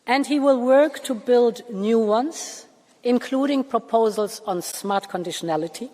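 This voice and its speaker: Woman in her sixties, formal address to a chamber, emphatic, paced with pauses, long hall reverb. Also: fairly high pitch, warm tone, slight background noise. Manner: measured, emphatic, with deliberate pauses. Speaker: Commission president addressing parliament. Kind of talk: formal political speech. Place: large parliament chamber.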